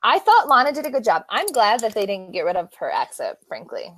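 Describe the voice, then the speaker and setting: A woman co-hosting a podcast in casual chat, chatty and quick to laugh at herself. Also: medium pitch, huge pitch swings, fairly bright tone. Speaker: podcast co-host.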